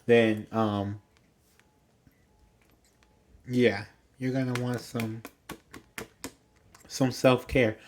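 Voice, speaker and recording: Over a faint hiss or hum, a man reads tarot on a livestream in a medium-pitched, slightly mellow, steady voice, speaking very slowly with long pauses. He's chatty and rambling, repeats himself, stumbles a little, and his throat catches, making him sound slightly choked.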